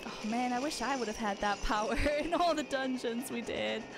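A woman streamer giving excitable let's-play commentary, gasping and laughing as she reacts to the game. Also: fairly high pitch, moderate pace. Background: game music.

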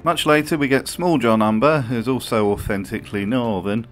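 A man's voice: mid-range voice, normal speed, soft background music. Sarcastic, profane male commentator. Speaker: video commentator. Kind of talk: scripted commentary.

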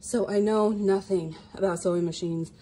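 A woman reselling returns, chatting excitedly to viewers as she unboxes, over-caffeinated and talking a mile a minute. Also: mid-range voice, moderate pace. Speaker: reseller vlogger. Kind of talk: casual unboxing vlog.

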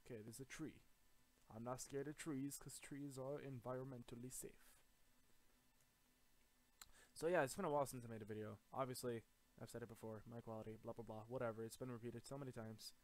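A man's voice: mid-range voice, steady tone, brisk, a little mellow. A young man giving casual let's-play commentary, muttering to himself and trash-talking enemies with plenty of swearing. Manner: profane trash-talk to enemies, swinging into panicked yelps. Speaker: gaming commentator.

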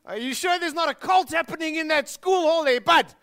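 A man's voice: extremely high pitch, fairly quick, pushed and bright, voice pushed up, exaggerated voice. A man with a South African accent voicing a skeptical male cycling friend who needles him incredulously. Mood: teasing.

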